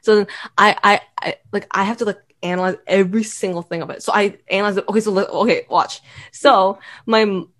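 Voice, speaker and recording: A young woman speaks in a casual podcast chat, reflective and hesitant, pausing on fillers. Her voice sits at an ordinary middle pitch. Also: steady tone, a bit bright. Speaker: podcast co-host.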